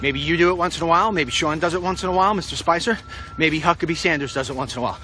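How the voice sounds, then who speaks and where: A man's voice: on the high side, rapid-fire, sharp tone. A man walking outdoors while giving a blunt, rambling political monologue straight to the camera, with street traffic passing. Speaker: political commentator. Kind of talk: walk-and-talk vlog monologue.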